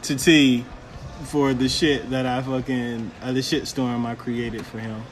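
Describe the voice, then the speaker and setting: A man's voice: mid-range voice, little pitch movement, a little slow, noisy background. A man casually telling a story about his job managing a store, laughing often and swearing freely. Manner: laughing often, swearing, quoting in put-on voices.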